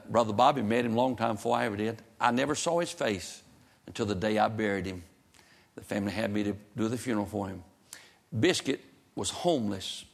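A man's voice: fairly low pitch, creaky. A man preaching a sermon, folksy and fervent, telling stories and rising to emphatic scripture reading. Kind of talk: sermon with storytelling.

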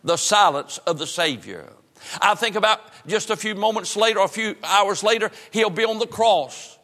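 A pastor delivers a sermon in a high, bright voice with lively intonation and a moderate pace, repeating himself fervently and dropping to a hush on solemn lines. The sound rings through a church hall with long reverb.

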